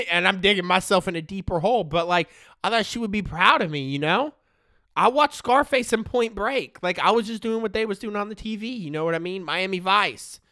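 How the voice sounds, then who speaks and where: A man's voice: high voice, animated, a little fast, sharp tone, no echo, studio quality. A man in his thirties telling a comic story in a slangy way, checking in with the listener all the time. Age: 30s.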